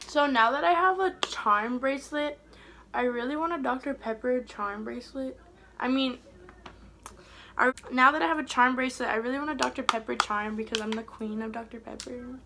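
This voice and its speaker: A young woman chatting casually while doing her makeup for a beauty vlog, rambling and trailing off softly mid-thought. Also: high-pitched, normal speed, background noise. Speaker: beauty vlogger. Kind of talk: casual get-ready-with-me chat.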